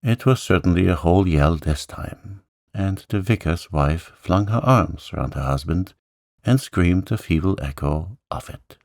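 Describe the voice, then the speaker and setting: A man reading a storybook aloud in a calm, gentle sleep-story manner. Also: no echo, clean studio sound. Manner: gentle, slow, lifts pitch for characters' lines.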